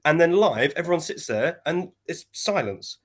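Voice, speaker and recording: A man, co-hosting a casual wrestling chat and retelling a match in an animated way, jumping into quoted voices. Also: a little high, normal speed. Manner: animated storytelling, acting out quotes in shifting voices. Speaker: wrestling podcast co-host.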